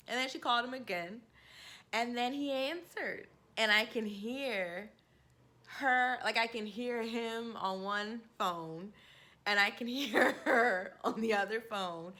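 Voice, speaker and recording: A woman in her forties spins a personal story straight to camera in a casual, candid way. Her voice is bright and clear, and she laughs easily, jumping into lively quoted dialogue. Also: mid-range voice, takes it slowly. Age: 40s. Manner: candid, laughing, animated quoting. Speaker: vlogger.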